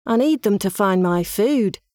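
A woman voicing a gentle, polite male crocodile who has lost his glasses, in a storybook reading. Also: medium pitch, lively intonation, unhurried, dry recording, studio quality, natural voice.

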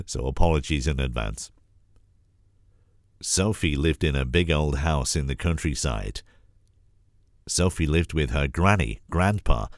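A man with a cold and a husky voice, gently narrating a storybook as an audition. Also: rumbling low, no room sound, clean studio sound. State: has a cold. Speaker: voice actor auditioning.

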